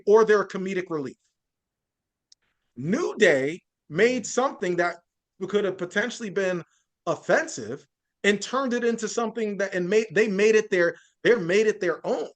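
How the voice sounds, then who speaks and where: Man, high-pitched voice, podcast interview guest, earnest, list-building, frequent restarts. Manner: earnest, building points with lists and repeated restarts. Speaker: media journalist guest.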